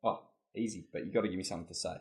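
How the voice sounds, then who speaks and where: A man's voice: low-pitched, fairly even intonation, very fast. A man with an Australian accent, a podcast guest chatting in a rambling, easygoing way. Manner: easygoing, rambling, laughs often. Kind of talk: casual chat.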